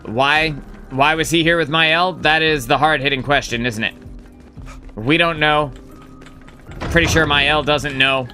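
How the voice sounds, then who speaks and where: A man with a slightly high, very bright voice talks through a live game stream in a loose, rambling way. He thinks out loud and drops casual swears, with faint game music underneath. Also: unhurried, long pauses. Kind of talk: casual gameplay commentary.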